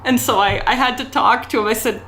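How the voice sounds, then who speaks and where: A woman's voice: on the high side, steady tone, fairly quick, fairly bright tone. A woman telling stories as a guest in a casual interview, speaking candidly, laughing often and acting out the dialogue. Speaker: guest, escort and tantra educator.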